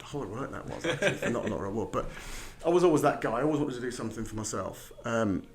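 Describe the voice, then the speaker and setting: A man's voice: mid-range voice, animated, fast talker. A middle-aged man from London, with a slight Midlands tinge to his accent, chatting as a podcast guest and telling his story with plenty of restarts. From England. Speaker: podcast guest, recruitment founder. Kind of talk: casual interview chat.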